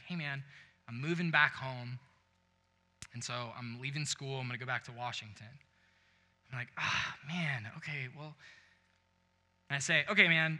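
A man's voice: a little high, bright, forceful tone. A young man preaching a sermon as a pastor, telling a story and acting out both sides of the conversation. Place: church sanctuary. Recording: long reverb of a large hall.

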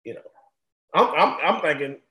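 Ex-football player guest, man, higher voice, loose animated storytelling, roomy echo. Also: normal speed. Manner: animated, repeats and restarts phrases. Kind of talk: casual storytelling.

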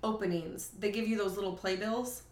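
A woman's voice: medium pitch, fairly even intonation, fairly quick, a little mellow, echoey room. A woman co-hosting a podcast in casual chat, talking freely and laughing easily. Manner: chatty, laughs easily, mild swearing. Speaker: podcast co-host.

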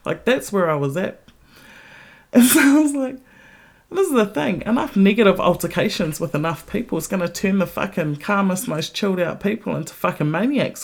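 Gravelly lady podcaster ranting a story, swears a ton, super blunt, mid pitch. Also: brisk. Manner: blunt, heavily profane, candid; animated retelling with rising pitch. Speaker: podcast host. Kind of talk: casual storytelling monologue.

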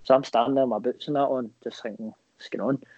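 A man's voice: medium pitch, quick pace, husky, no echo. Young Scottish man, footballer guest, casual anecdotes with swearing, acts out quotes, dry dull-sounding recording. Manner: animated, swears freely, acts out quoted dialogue. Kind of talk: casual storytelling interview.

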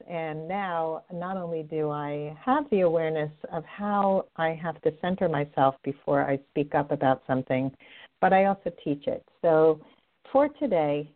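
A middle-aged woman hosting a radio show as a love coach, chatting in an upbeat, direct way. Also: deep voice. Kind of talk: podcast host monologue. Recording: tinny phone-line audio.

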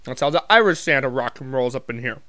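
A man's voice: medium pitch, animated, fast talker, bright, forceful tone, no echo. A man vlogging in a casual comedic monologue, telling rambling, profane, jokey stories.

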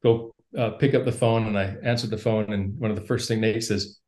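A man who is a podcast guest, telling a story in casual conversation. He is animated, laughs often and repeats words as he starts his sentences. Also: on the low side, brisk.

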